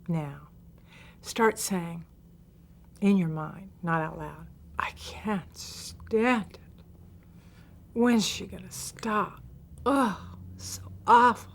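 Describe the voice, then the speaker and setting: A woman's voice: on the low side, gravelly, a little hiss or hum. A woman therapist teaching a coping skills lesson, speaking directly and coaching her listeners. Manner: direct and coaching, acts out quoted self-talk.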